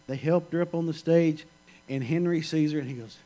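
A middle-aged male preacher with a somewhat high voice. He delivers his sermon in a folksy, joking storytelling manner. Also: fast, warm tone, low-quality recording.

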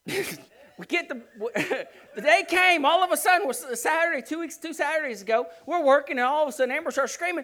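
A high-pitched man preaching by telling a story. He talks in an animated, rambling way and keeps circling back to restart his sentences. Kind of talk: storytelling sermon.

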